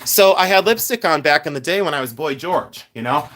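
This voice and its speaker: A man's voice: fairly high pitch, animated, a little fast, a bit bright, slight background noise. A man in his fifties hosting a live stream, telling stories in a chatty, joking way. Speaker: host. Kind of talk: casual live-stream chat.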